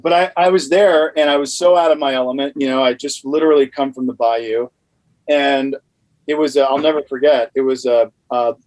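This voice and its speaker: A Louisiana man with a medium-pitched voice speaks fairly quickly, and the audio quality is poor. As a podcast guest, he tells a casual, rambling anecdote in an animated way, full of fillers.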